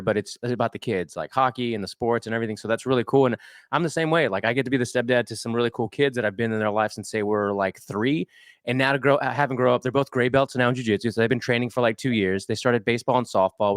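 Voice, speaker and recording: A man's voice: mid-range voice, smooth, no room sound, clean studio sound. A man hosting a podcast, chatty and enthusiastic, full of "like" fillers. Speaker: podcast host. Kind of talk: casual podcast conversation.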